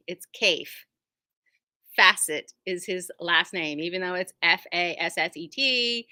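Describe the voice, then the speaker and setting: A woman with a bright, forward voice rambles cheerfully about new fabric bolts from her quilt shop. She wanders off topic and pokes fun at herself. Her voice sounds close and dry, with almost no room sound. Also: mid-range voice, no room sound. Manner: chatty, rambling, self-deprecating. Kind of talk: casual product showcase.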